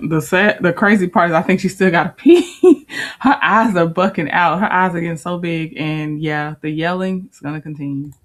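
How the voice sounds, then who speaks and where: A woman's voice: lowish voice, normal speed. A woman hosting a video reaction channel, chatting casually with laid-back, chuckling asides.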